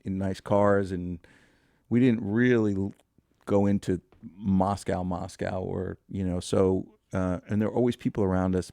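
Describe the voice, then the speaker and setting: A man in his fifties, a podcast guest, telling casual anecdotes with lively, salty delivery and acted-out dialogue. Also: low-pitched, vocal fry, no echo, studio quality. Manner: lively anecdotes, acts out quoted dialogue, swears freely. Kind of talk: casual storytelling.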